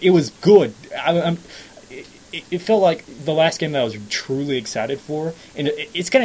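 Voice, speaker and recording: A young man chats loosely on his own podcast, rambling between laughs and sounding jaded. He has the hiccups, and his pitch sits right in the middle. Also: poor audio. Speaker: podcast co-host. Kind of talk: casual chat.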